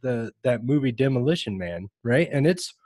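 A man's voice: medium pitch, lively intonation, moderate pace, darkish tone, no echo. A man hosting a casual podcast chat, talking animatedly and laughing often as he acts out little voices. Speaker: podcast host.

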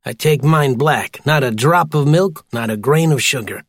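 A man voicing a gruff, grumbling old male platypus police detective in an audiobook. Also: fairly high pitch, normal speed, no room sound, clean studio sound, close to an everyday voice. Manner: grumbling, stubborn.

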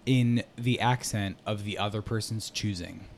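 A man's voice: lowish voice, moderate pace, a little hiss or hum. A man co-hosting a podcast in casual chat, rambling and hesitant. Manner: rambling, hesitant, many "like" fillers. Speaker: podcast co-host.

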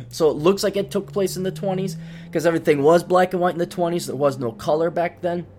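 A man's voice: sits high, brisk, a little mellow, a little hiss or hum. A middle-aged man hosting a podcast, telling a rambling story in a casual monologue with many restarts. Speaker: podcast host.

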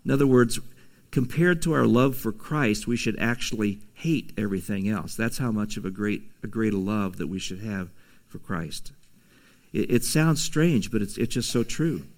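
A man preaching a conversational sermon, reading scripture and adding casual asides with soft laughs. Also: lowish voice, moderate pace. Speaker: pastor.

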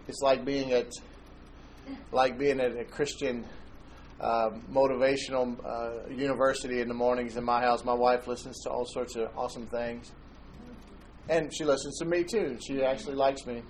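A man's voice: medium pitch, steady tone, normal speed, a little hiss or hum, rough recording. A man preaching a sermon in church, conversational and joking, telling anecdotes. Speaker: pastor.

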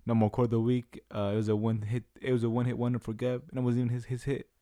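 A man's voice: mid-range voice, level tone, fast, mellow, no echo, clean studio sound. A young man cohosting a podcast, bantering in a slangy, teasing and bossy way. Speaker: podcast co-host. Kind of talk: casual chat.

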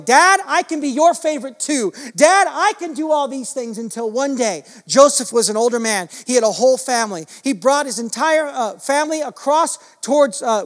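A man preaching a sermon in a church hall, swinging between fervent loud passages and hushed ones. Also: very high voice. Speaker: pastor. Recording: long hall reverb with soft guitar behind.

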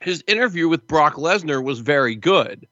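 A man co-hosting a podcast in casual chat, animated and wry, on a dull lo-fi recording. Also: a little high, normal speed, no echo. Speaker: podcast co-host. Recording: dull lo-fi sound.

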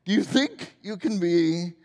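A man's voice: high-pitched, expressive, a little slow, darkish tone, long reverb tail. A man in his forties preaching a sermon in a church, joking and self-deprecating as he tells stories. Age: 40s. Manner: humorous, self-deprecating storytelling. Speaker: pastor. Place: church sanctuary.

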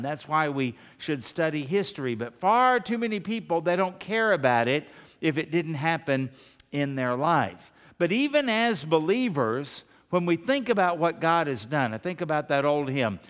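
A man preaching a sermon as a pastor, animated, half-singing lines of an old hymn. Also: fairly high pitch, normal speed. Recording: long reverb of a large hall.

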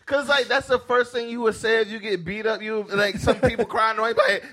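A man's voice: very high voice, big pitch swings, a little slow, bright, forceful tone. A man in casual chat, retelling a funny clip with quoted lines and lots of laughter.

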